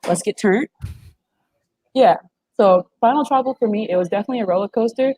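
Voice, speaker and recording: Mellow husky woman in her twenties. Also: mid-range voice, fairly quick, no echo, rough recording. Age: 20s. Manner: emphatic and slangy. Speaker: guest, former reality show contestant. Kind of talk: casual interview chat.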